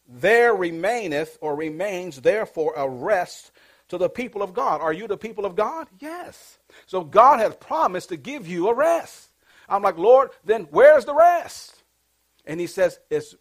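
A male pastor preaching with fervor, his voice sitting a touch high for a man. He leads the congregation in call-and-response and pushes hard on the key lines. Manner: preaching with call-and-response, rising to emphatic bursts. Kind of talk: sermon.

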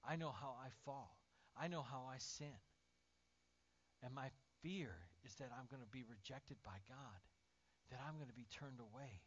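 A male pastor preaching a lively sermon, swinging from loud, acted-out outbursts to near-whispers. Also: medium pitch, unhurried, a little hiss or hum. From Indiana, USA. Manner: animated, acts out voices and swings from shouting to near-whisper. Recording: dull lo-fi sermon audio.

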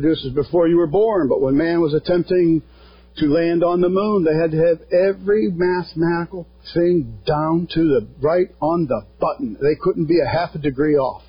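A pastor preaching a sermon, earnest and plain-spoken, quoting scripture along the way. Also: male voice, on the high side, husky. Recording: dull lo-fi sound.

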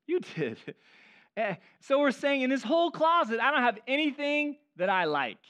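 A man preaching a sermon as pastor, animated and acting out the voices of people he quotes. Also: very high-pitched, moderate pace.

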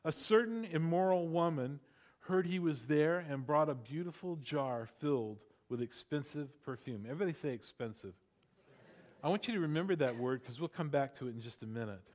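A man's voice: fairly high pitch, animated, normal speed. A man preaching a sermon in a conversational way, asking the congregation rhetorical questions and laughing at his own asides. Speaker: pastor.

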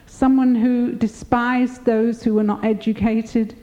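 A woman's voice: fairly high pitch, level tone, takes it slowly, dark tone. An older woman giving an earnest, reflective personal testimony of her faith.

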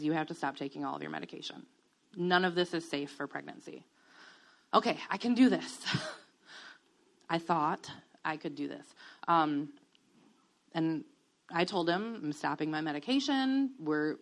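A woman in her thirties giving a candid, reflective personal testimony, with many pauses and soft laughs. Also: lowish voice. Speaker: guest sharing a testimony.

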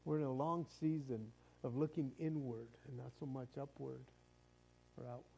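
A man's voice: medium pitch, fairly even intonation, moderate pace, gravelly, mellow, rough recording. A male pastor giving a conversational sermon who often repeats words and chuckles as he talks.

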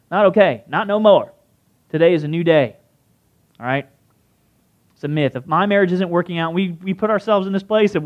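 A man giving a conversational sermon, often putting questions to his listeners. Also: a little high. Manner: conversational, asks the crowd questions. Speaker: pastor.

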